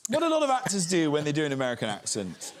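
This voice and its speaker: A British actor telling lively, jokey anecdotes as a guest on a TV chat show. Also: male voice, on the high side, very fast, over a noisy crowd. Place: TV studio with audience.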